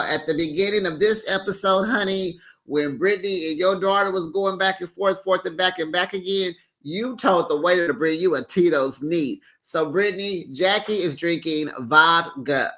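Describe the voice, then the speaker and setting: A man hosting a casual recap show, sassy and animated, often laughing and acting out what people said. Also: high voice, normal speed, few pauses.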